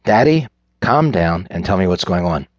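A man voicing a frantic adult daughter who pleads with her angry father, his voice pushed higher. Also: animated, normal speed, dry recording. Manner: pleading, rising to a higher pitch. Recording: dull lo-fi recording.

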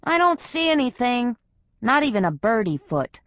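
A pampered gray cat, as a woman narrator puts her on, her voice pitched high and complaining. She sounds whiny and put out, in a slightly dull audiobook recording. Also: big pitch swings, moderate pace, no echo. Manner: whiny, indignant. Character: fussy, vain gray female house cat.

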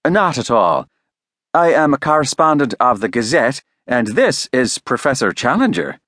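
A male narrator voicing a newspaper correspondent who asks brisk, direct questions. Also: medium pitch, sing-song, fairly bright tone.

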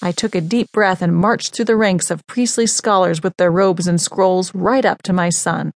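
A woman's voice: on the low side, fairly even intonation, moderate pace, vocal fry, no echo, studio quality. A woman reading a first-person novel aloud as an audiobook narrator, in an earnest, emotive storytelling voice.

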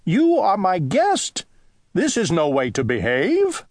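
A man voicing a fussy, kindly little male owl in a children's audiobook, in a high, excitable, sing-song voice. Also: slow pace, slightly rough, no room sound, clean studio sound, heavily acted. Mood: exclaiming.

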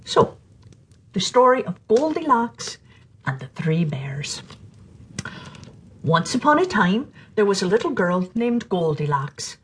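A woman narrating a children's storybook in an animated, playful way, sometimes dropping to a whisper for suspense. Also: medium pitch, measured pace, slight background noise. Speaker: storyteller host.

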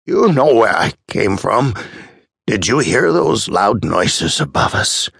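A man's voice: on the low side, sing-song, takes it slowly, creaky, a bit bright, slightly rough, no room sound, clean studio sound, pitched above the performer's own voice, exaggerated voice. A man voicing a frantic old male patient who pleads urgently in an audiobook.

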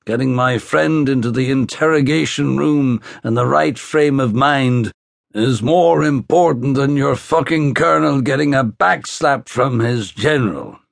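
A man doing a gruff Belfast detective. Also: medium pitch, a little slow, dry recording, clean studio sound. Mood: gruff, blunt. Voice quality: gruff, blunt and profane. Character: huge gruff male Belfast police detective, blunt and cynical. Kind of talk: audiobook character voice.

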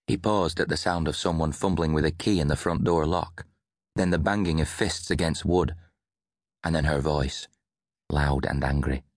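A male audiobook narrator with a very deep, low voice, reading in a measured, even storytelling way. The sound is dry and close, with no room reverb. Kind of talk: scripted narration.

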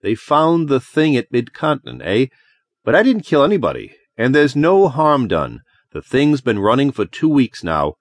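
A man's voice: mid-range voice, huge pitch swings, normal speed, no echo. A man voicing a confident young engineer who answers in a blunt, incredulous way, in an audiobook. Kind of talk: audiobook character voice.

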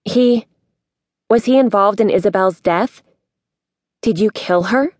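A woman's voice: medium pitch, measured pace, dry recording, close to an everyday voice. A woman voicing an angry young princess. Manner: urgent, rising to near shouting.

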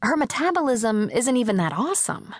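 A woman voicing a sardonic, self-mocking teenage girl who talks quickly and chattily. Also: on the high side, big pitch swings, dry recording, studio quality. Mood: chatty.

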